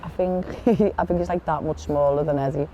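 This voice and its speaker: A woman's voice: low-pitched, fairly even intonation, normal speed, lo-fi sound, slight background noise. A woman boxer in a casual interview, blunt and chatty, swearing freely as she tells stories. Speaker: boxer guest.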